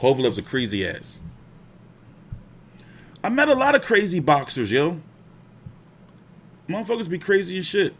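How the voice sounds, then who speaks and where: Animated, profane man hosting a live stream. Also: high-pitched, normal speed, long pauses. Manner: profane, animated storytelling with slang. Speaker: boxing live stream host. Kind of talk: casual live stream chat.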